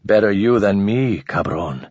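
A man reading a story, voicing a calm, cold-blooded man who speaks quietly and evenly. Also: on the low side, measured pace, no echo, highs cut off. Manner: quiet and level.

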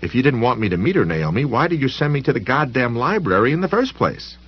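A man's voice: medium pitch, very animated, quick pace, slightly rough, lo-fi sound. A man voicing an urgent, questioning realtor. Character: uneasy small-town male realtor, pressing questions.

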